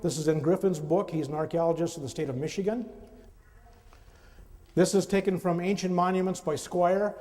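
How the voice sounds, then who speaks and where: A man's voice: high voice, fairly even intonation, normal speed, mellow. A man giving a slide lecture to an audience in a conversational way, often turning to the listeners with questions. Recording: long reverb of a hall.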